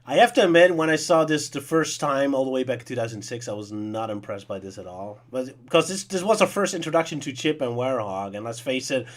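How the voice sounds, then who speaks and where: A man's voice: medium pitch, expressive, brisk, hardly any pauses. A young man co-hosting a casual podcast chat, laughing often and giving his opinions with enthusiasm. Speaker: podcast co-host.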